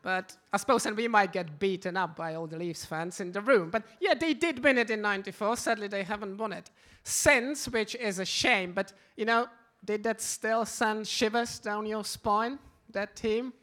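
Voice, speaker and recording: A man's voice: sits high, normal speed, a bit bright. A man with a non-native English accent hosting a live panel in an event hall, wry and self-deprecating. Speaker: host.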